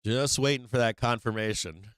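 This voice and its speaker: A man hosting a live trading stream, talking casually and excitedly, swearing freely and laughing often. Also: medium pitch, normal speed, clean tone, dry recording. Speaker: livestream trading host. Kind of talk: casual livestream chat.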